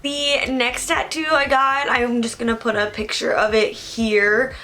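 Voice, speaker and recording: Chatty young woman, slightly high voice. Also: little pitch movement, unhurried, bright, forceful tone, soft background music. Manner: chatty, earnest, many fillers like "um" and "like". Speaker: beauty vlogger. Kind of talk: casual to-camera vlog.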